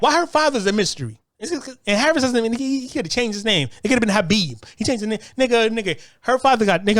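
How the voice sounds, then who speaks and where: A man's voice: high voice, fairly bright tone, no echo, clean studio sound. Rambling man ranting with loose laughter. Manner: loose, repetitive, stumbling restarts, frequent laughter. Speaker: show host. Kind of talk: rambling monologue rant.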